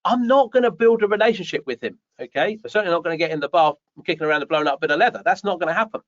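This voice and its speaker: A man co-hosting a live show, reading out viewer comments and joking with them in a teasing, animated way. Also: high voice, rapid-fire. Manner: jokey, teasing, animated storytelling. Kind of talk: casual live show chat. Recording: dull, dry lo-fi stream audio.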